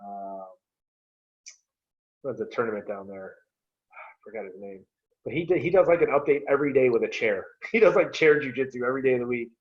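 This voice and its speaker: Male podcast guest, casual filler-heavy talker, mid pitch, lo-fi audio. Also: animated, a little fast, long pauses. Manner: loose, trailing phrases full of "you know". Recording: dull lo-fi sound.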